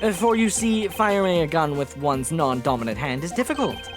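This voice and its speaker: A woman streamer reading game dialogue aloud in an expressive way, with joking asides. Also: sits low, moderate pace. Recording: game music playing behind.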